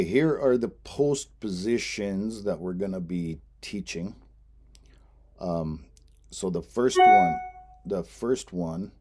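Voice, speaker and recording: Low slow guy explaining a lesson, patient teacher, says words twice for you. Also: warm tone. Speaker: language teacher. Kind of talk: instructional lesson narration.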